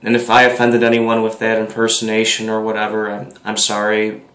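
A man's voice: lowish voice, monotone, brisk, a bit bright. A man casually introducing his own video, hesitant and full of ums. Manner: hesitant, many ums and restarts. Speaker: video creator. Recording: echoey room.

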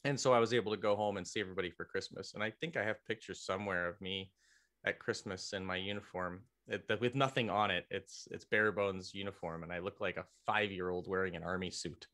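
Low-pitched and brisk, this military veteran's voice is fairly bright with fairly even intonation. As an interview guest on a podcast, he tells a long, rambling story casually, often restarting sentences, correcting himself and poking fun at himself.

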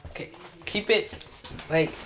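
A woman's voice: measured pace, noisy background. A woman vlogging at home, scolding and swearing in mock threats. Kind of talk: casual home video vlog.

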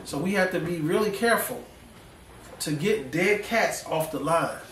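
A male pastor preaching a folksy, animated sermon full of slang, drawing responses from the congregation. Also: a little high, normal speed, slight background noise. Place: church sanctuary. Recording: echoey church room, mic at a distance.

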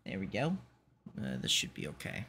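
A man's voice: deep voice, wildly swooping pitch, moderate pace, creaky, pushed and bright, slight background noise. A man streaming a video game, chatting casually, thinking aloud and correcting himself as he goes. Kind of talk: casual gaming stream chat.

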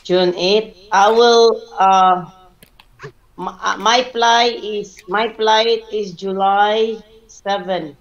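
A woman from the Philippines, chatting in halting, simple phrasing on a live stream. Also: mid-range voice, fairly even intonation, highs cut off. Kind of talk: casual chat.

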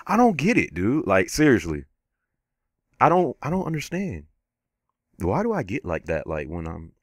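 Gamer dude talking thru his own boss fight, slow drawl, jumps from mumbling to yelling. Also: huge pitch swings, no echo. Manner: self-critical, swings from low muttering to sudden yells; slangy and casual. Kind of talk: live gameplay commentary.

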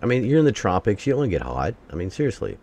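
Man, let's-play commentary, low voice, lively pitch, talks to himself, cursing outbursts. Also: rapid-fire. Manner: talks to himself, bursts into exasperated curses.

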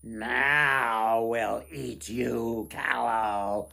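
A man's voice: steady tone, extremely slow, gravelly, sharp tone, heavily acted. A man voicing a gang of hideous goblins that shriek and chant their words over and over. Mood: menacing. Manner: shrill, chanting, repeating words.

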